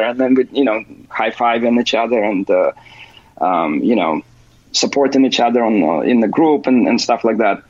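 Halting, husky-voiced male guest. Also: mid-range voice, darkish tone, no echo. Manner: halting, full of "you know" fillers and restarts. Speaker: interview guest, software developer. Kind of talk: casual interview. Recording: dull, lo-fi recording.

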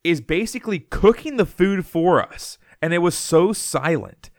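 A man's voice: sits high, lively intonation, normal speed, no echo, clean studio sound. A man co-hosting a podcast, telling a long story in a loose, rambling way, often laughing and restarting his sentences. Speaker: podcast co-host. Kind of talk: casual storytelling chat.

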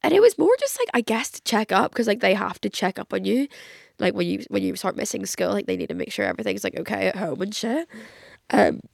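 A 21-year-old woman with a cold, chatting in a rambling solo podcast monologue full of "like", her voice croaky. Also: medium pitch, sing-song, fairly quick, no echo, studio quality. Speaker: podcast host. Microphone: podcast microphone.

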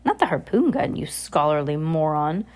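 A woman's voice: fairly low pitch, a little fast, darkish tone, natural voice. A gloating, scheming storybook villain, put on by a woman reading aloud. He growls and sneers mockingly at the children, full of contempt.

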